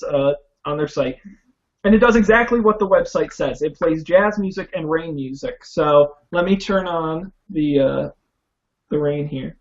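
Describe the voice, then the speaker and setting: Male podcast host, slightly higher voice, upbeat and chatty, dull lo-fi audio. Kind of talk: casual tech podcast chat.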